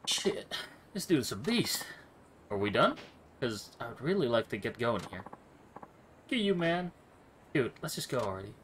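A male streamer giving loose, live commentary over a fight, with lots of cursing. His voice jumps around a lot in pitch as he reacts. There is faint noise in the background. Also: big pitch swings, a little slow, long pauses, a bit bright. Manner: profane, casual.

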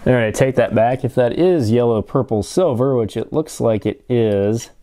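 A man casually narrating an electronics teardown, thinking aloud with frequent fillers and pauses. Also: mid-range voice, warm tone. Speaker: electronics hobbyist vlogger.

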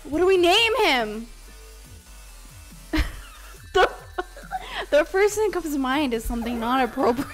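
A woman's voice: high voice, lively intonation, unhurried, pauses often, faint music behind. A woman live streaming a game, chatting casually with her viewers, giggly and swearing freely. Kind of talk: casual live-stream chat while gaming.

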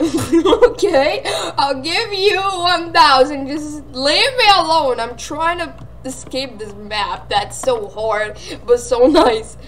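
A young woman giving excitable gameplay commentary, often squealing and laughing as she plays. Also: high-pitched, takes it slowly, few pauses. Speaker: gaming channel host.

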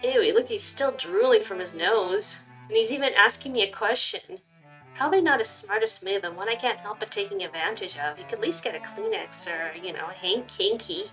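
A giggly young woman chatting her way through a story game, reading lines aloud and joking between them. Her voice sits at a middle pitch, and quiet music plays underneath. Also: brisk. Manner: giggly, chatty, lots of likes and you-knows. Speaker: gaming channel host. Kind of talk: casual game playthrough commentary and reading aloud.

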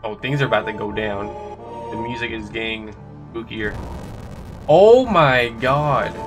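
A young man streaming a first playthrough of a game, reacting with excited, slangy exclamations. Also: fairly low pitch, measured pace, over music. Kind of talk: let's play reactions.

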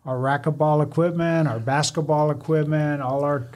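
A man with a slightly high voice chats casually on a podcast. He tells a fire-station story with energy and acts out each quoted line. He has the plain, direct way of talking of a veteran fire captain. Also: moderate pace. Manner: animated storyteller who acts out quoted dialogue.

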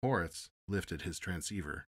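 A man narrating a classic science fiction story in a measured, even audiobook reading. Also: sits low.

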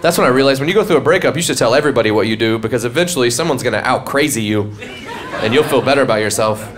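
Wry young man doing stand-up. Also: mid-range voice. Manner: wry storytelling with quick punchlines. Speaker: stand-up comedian. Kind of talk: stand-up comedy set. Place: comedy club stage. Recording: live comedy album with audience laughter. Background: audience laughing.

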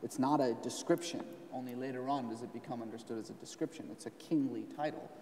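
A man's voice: mid-range voice, fairly even intonation, quick pace, a little mellow, slight background noise. A man, an author and scholar, explaining at length in a live onstage conversation, with emphatic stresses. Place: event stage in a hall. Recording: roomy hall, voice from a distance.

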